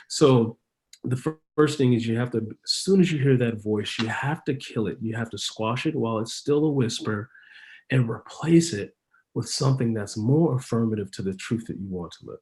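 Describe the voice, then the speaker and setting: A man guest giving motivational coaching advice, pausing on fillers between his points. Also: medium pitch, lively intonation, a little mellow.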